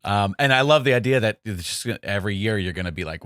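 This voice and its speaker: A man co-hosting a podcast in casual conversation, chatty and quick to react, with plenty of fillers. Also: lowish voice, fairly bright tone, no echo, clean studio sound. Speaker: podcast co-host.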